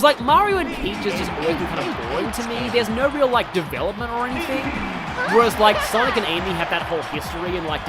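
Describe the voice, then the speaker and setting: A game streamer giving excitable live commentary, often yelling at the game and wandering into chatty asides with lots of fillers. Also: medium pitch. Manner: excitable, talks to the game, yells at big moments; rambling asides with many fillers. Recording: game music playing loud under the voice. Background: game music.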